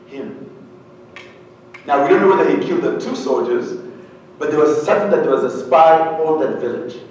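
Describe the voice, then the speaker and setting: Man, from Uganda, keynote storyteller, humorous, quizzes audience, slightly high voice, far-off heavily echoing hall. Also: lively intonation, moderate pace, a little mellow, slight background noise. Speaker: keynote speaker. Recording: very echoey hall, voice far from mic.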